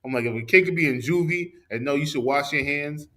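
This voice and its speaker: A man's voice: on the high side, quick pace, bright, forceful tone. A man co-hosting a podcast in a studio, chatting casually in blunt, profane, slang-heavy talk. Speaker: podcast co-host. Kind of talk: casual chat, storytelling.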